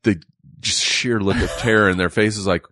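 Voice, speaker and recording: A middle-aged man in casual chat, telling a profane, animated story as a podcast co-host. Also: lowish voice, moderate pace, no echo, clean studio sound.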